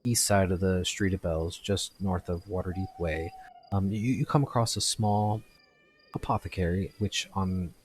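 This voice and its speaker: Low-voiced guy running a tabletop game, halting, lots of ums. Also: fairly even intonation, a little hiss or hum. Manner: halting, many fillers and restarts. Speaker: game master.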